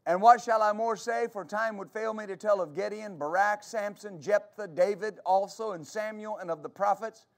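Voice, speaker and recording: A male pastor preaches a sermon in a high-sitting voice at a moderate pace with few pauses. He is fervent and repetitive, stammers when restarting, and calls for answers from the congregation in call-and-response.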